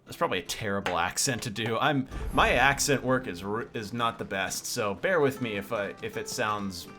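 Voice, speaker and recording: A man's voice: fairly low pitch, moderate pace, bright, forceful tone, faint music behind. A man streaming a video game, commenting casually with sarcastic jokes and rambling asides.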